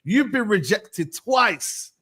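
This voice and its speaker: A man's voice: sits high, expressive, takes it slowly, pushed and bright, breathy edge. A man hosting a football show who jumps into a heated debate and repeats his phrases. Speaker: show host.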